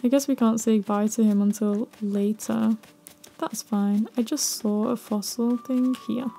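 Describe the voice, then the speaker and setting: A young gaming video creator offers cosy gameplay commentary in a gentle, slightly high voice, close to the mic. Her tone is mellow and warm, soft, cheerful and gushing, with occasional quiet whispered asides. Her intonation is fairly even, and she's unhurried and creaky.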